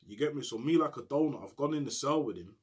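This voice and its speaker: A man telling a story to camera in heavy street slang, animated and often checking in with "you get me". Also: medium pitch, fast talker, slightly rough. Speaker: storyteller recounting prison life.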